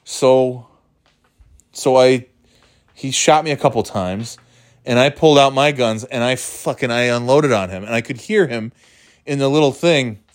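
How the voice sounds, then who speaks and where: Rambling, cussing dad, dry sound. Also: male voice, mid-range voice, unhurried, pauses often, no echo. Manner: profane, rambling, jumps into loud mock quotes. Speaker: dad talking about video games. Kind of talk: casual rambling monologue.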